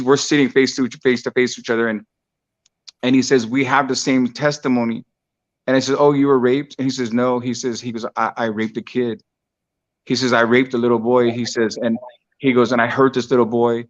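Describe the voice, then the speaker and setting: Earnest preaching man, muffled call audio. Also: medium pitch. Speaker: guest sharing a testimony. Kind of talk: preaching testimony.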